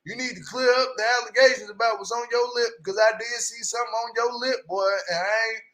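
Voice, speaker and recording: A high-pitched man with a sharp, bright edge roasts reality show cast members in casual slang. He talks bluntly and heatedly, jumping from loud outbursts to low mutters. He mocks the people he talks about. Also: steady tone, brisk. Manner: swings loud and quiet, mock-imitates cast members. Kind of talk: casual reaction commentary.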